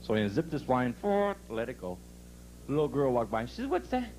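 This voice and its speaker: A man's voice: medium pitch, a little fast, noisy background. A man doing stand-up for a live crowd, telling folksy dirty jokes and laughing at his own punchlines. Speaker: stand-up comedian.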